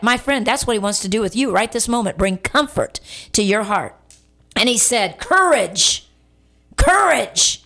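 Middle-aged woman radio preacher, slightly high voice, emphatic storytelling sermon with call-and-response. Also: fairly bright tone. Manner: storytelling, emphatic, repeats lines for effect; calls on listeners to respond.

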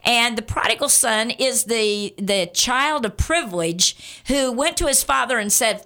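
Bright-voiced woman preaching earnestly. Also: fairly high pitch, animated, a little slow. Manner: earnest, direct address to listeners, emphatic repetition. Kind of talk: sermon.

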